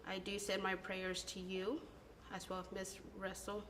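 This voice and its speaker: A young woman delivers a sincere recorded tribute to a former mentor. She speaks earnestly, pausing on ums and correcting herself. A faint background noise sits under her voice. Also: mid-range voice, monotone, a bit bright. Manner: earnest, halting, with filler ums. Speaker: former band student.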